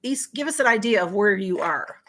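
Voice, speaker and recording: A woman's voice: medium pitch, animated, brisk, a bit bright. Chatty woman hosting a livestream. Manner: chatty, distracted, apologizing for missing comments. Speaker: livestream host. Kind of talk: casual livestream chat reading viewer comments.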